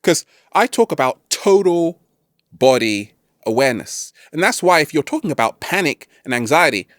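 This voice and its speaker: A man hosting a self-help video, giving an animated, playful motivational talk to camera. He keeps asking "right?" and throws in jokey catchphrase asides. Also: on the high side, moderate pace, dry recording, studio quality.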